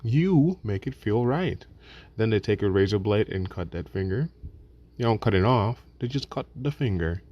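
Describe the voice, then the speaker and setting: A man's voice: on the low side, animated, normal speed, dull audio. A man narrating a reflective video essay in a casual, profane way, with restarts and acted asides.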